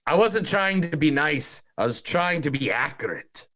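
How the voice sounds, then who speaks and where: A man putting on an Irish accent to play a gruff, profane islander, reading lines with exaggeration. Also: fairly high pitch, very animated, normal speed, sharp tone. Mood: mock Irish. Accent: put-on Irish. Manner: exaggerated, sweary, swallowing laughs between lines. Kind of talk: podcast movie quote reading.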